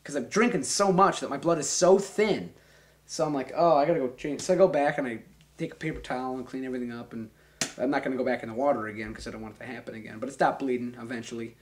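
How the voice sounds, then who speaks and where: A young man in his twenties telling a long, rambling, profane story in a casual, animated way. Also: mid-range voice, fast talker, a little hiss or hum.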